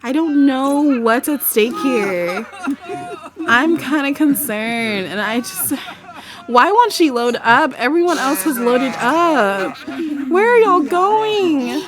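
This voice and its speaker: Chatty, animated woman gamer. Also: high voice, slow. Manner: animated, rambling, easily flustered. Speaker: gaming video host. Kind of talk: casual game commentary.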